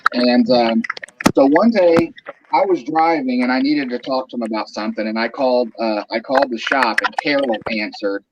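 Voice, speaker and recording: A man telling a funny story in casual conversation, animated and laughing, his voice climbing high when excited. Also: normal speed. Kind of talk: casual storytelling on a group video call. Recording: dull lo-fi sound with clear background noise.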